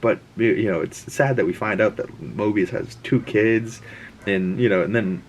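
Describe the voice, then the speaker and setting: A man's voice: on the low side, normal speed, slight background noise. A man hosting a casual episode breakdown, rambling and chatty with frequent restarts and asides. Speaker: host.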